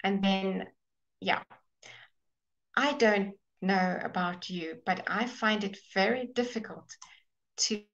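A woman teaching a live online English class, explaining slowly and patiently and sounding out of breath. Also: medium pitch, a bit bright, highs cut off. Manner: slow, explaining patiently, with fillers and restarts. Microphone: webcam or computer mic.

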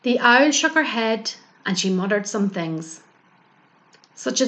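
A librarian reading a rhyming picture book aloud for children. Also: female voice, on the high side, lively intonation, slow pace, fairly bright tone. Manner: rhythmic rhyming delivery. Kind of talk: storybook read-aloud for children.

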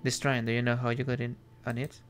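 A man voicing a crude male devil on a train, low and gravelly, talking slowly. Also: little pitch movement, lightly acted. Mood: drawling. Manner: slow, crude, drawling.

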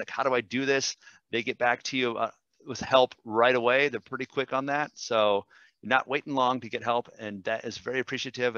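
Man teaching on a webinar, bright tense tone, dry muffled call audio. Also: mid-range voice, no room sound. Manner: enthusiastic, quick, with fillers and self-corrections. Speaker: language teacher presenting a webinar. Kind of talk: screen-share webinar demo.

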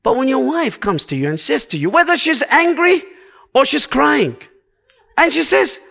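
A man's voice: very high voice, sing-song, moderate pace, creaky, pushed and bright. A man preaching a sermon to a congregation, earnest and exhorting, driving his points home with short repeated commands.

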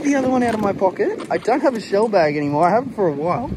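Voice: medium pitch, big pitch swings, very fast. A vlogger beachcombing outdoors, exclaiming often in thrilled disbelief. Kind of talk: excited shelling vlog. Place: beach at low tide, outdoors. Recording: wind noise on an outdoor mic. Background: wind and open-air ambience.

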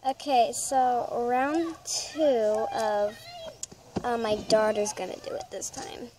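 A woman's voice: on the high side, slow pace. A woman, a mother, chatting casually and playfully as she films a family prank vlog. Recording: loud background noise.

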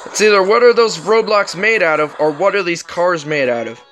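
A man doing let's play commentary, excitable and joking, swearing often. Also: high voice, normal speed, soft background music. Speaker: gaming commentator.

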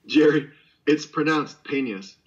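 A man's voice: on the high side, unhurried, muffled recording. A man bantering as a scene partner on a call, teasing with profane mock anger and playful jokes. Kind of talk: joking improvised banter.

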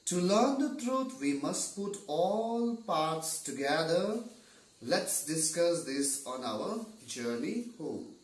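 A man voicing an earnest old blind man who speaks slowly and solemnly, retelling a story for a class. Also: fairly high pitch, very animated. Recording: roomy, distant mic.

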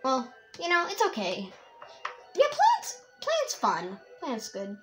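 Woman, let's-play commentary, chatty, rambling, excitable, fairly high voice, faint music and typing behind. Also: unhurried. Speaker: gamer and YouTuber.

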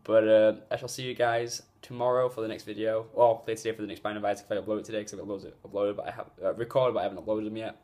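A man's voice: fairly low pitch, little pitch movement, very fast, hardly any pauses, darkish tone. A man talking casually to camera in a vlog, rambling and earnest with lots of fillers, recorded on a phone. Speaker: gaming YouTuber. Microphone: phone mic.

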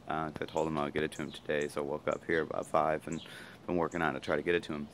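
A man talking casually to his camera, rambling fast with many fillers and asides. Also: very deep voice, monotone, a little hiss or hum. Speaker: vlogger. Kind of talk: casual reflective monologue.

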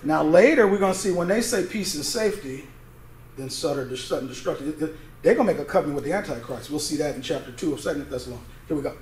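This pastor's voice is a little high and somewhat dark in tone, with lively intonation and a fast delivery. In a church sanctuary, he teaches a Bible study in a conversational way, prompting his congregation to supply words as he reads scripture. The recording has an echoey church sound and slight background noise.

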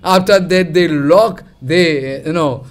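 A man, a spiritual teacher, giving a devotional storytelling lecture in animated, halting, broken English with many fillers. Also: fairly high pitch.

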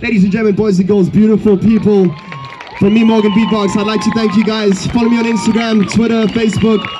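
A man's voice: high-pitched, little pitch movement, fast, over music. A man performing as a beatboxer, bantering playfully and teasingly with a live crowd. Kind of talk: live stage patter with crowd.

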